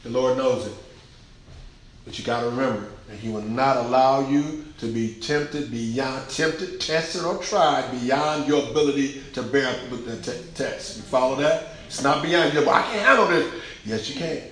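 A man's voice: mid-range voice, normal speed. A male pastor preaching a sermon, emphatic and colloquial, with lots of repetition. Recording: very echoey hall, faint noise.

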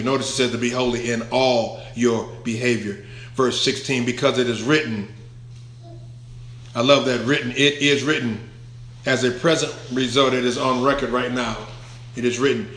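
A man's voice: mid-range voice, a bit bright, reverberant. A man preaching a verse-by-verse Bible sermon, emphatic, stretching key words out and putting questions to the congregation. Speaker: pastor.

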